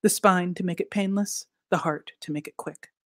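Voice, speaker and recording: A woman reading her fiction aloud in a deliberate, expressive way, sinking to soft near-whispers for emphasis. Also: lowish voice, no room sound, clean studio sound. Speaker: author reading at a literary event.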